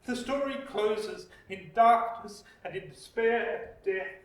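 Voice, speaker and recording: Australian man, pastor, high voice, slow reflective sermon, distant mic in an echoey church. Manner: slow, reflective preaching with dramatic pauses.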